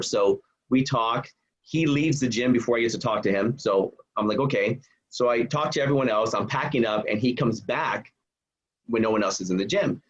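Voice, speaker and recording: A man telling personal stories as a guest on a podcast, animated, acting out what people said and laughing often. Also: medium pitch, slightly rough. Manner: animated storyteller, acts out quotes, laughs often. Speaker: guest speaker and author. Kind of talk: storytelling in a podcast interview. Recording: dull lo-fi podcast audio.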